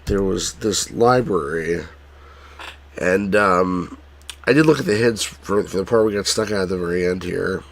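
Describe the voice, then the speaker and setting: A man streams a text adventure as casual let's play commentary, speaking hesitantly with lots of fillers and restarts while grumbling in frustration about the puzzles. His voice is low, unhurried, and gravelly.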